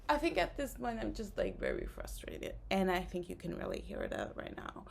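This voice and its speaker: A woman of medium pitch whose voice swoops wildly, creaky and a little mellow, at a moderate pace with few pauses. In her casual vlog rant to camera she comes across as exhausted and frustrated, rambling with plenty of fillers.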